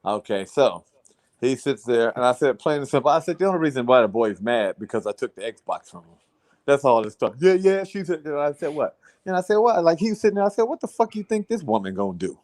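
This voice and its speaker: A man's voice: mid-range voice, animated, fast, darkish tone. A man casually telling a long story to friends in a blunt, profane way, repeating "I said" as he retells it. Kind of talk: casual chat.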